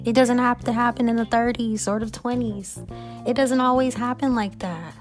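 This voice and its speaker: A woman hosting a faith-based motivational talk, earnest and heartfelt, often checking in with the listener and adding quick self-aware asides. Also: on the high side, steady tone, music in the background. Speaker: podcast host.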